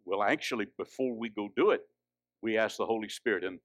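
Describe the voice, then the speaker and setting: A man preaching a sermon, swinging from hushed, drawn-out lines to loud, high exhortation. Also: dry recording, clean studio sound.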